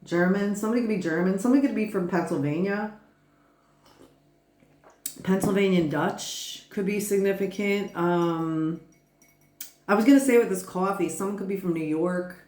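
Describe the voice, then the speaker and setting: A woman's voice: medium pitch, moderate pace, pauses often, a little mellow, echoey room. A woman giving a casual tarot reading who rambles, laughs often and swears freely. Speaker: tarot reader.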